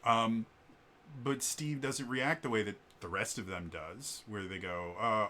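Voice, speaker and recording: A man's voice: on the low side, unhurried, bright, forceful tone, a little hiss or hum. A man on his vlog, casually telling a long story with lots of fillers and restarts, acting out what people said. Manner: rambling, with many fillers and restarts; acts out quoted people. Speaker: vlog host.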